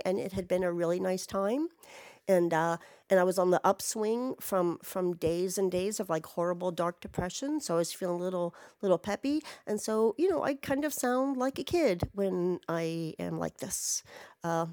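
Rambling, excitable woman telling a story. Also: medium pitch, moderate pace, no room sound, clean studio sound. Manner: rambling, excitable, swears freely. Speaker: vlogger. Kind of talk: casual storytelling. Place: home.

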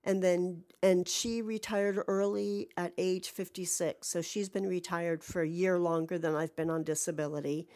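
A woman's voice: on the low side, steady tone, normal speed, few pauses, darkish tone. A woman hosting a podcast, talking through a rambling, candid, self-deprecating personal monologue with a jaded-sounding voice and some swearing. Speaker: podcast host.

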